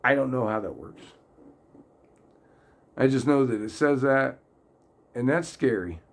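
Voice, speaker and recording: Earnest and prone to rambling, a man hosts a relaxed faith talk in a medium-pitched voice that runs a little slow. As he retells stories, he sometimes gets loudly excited and emotional.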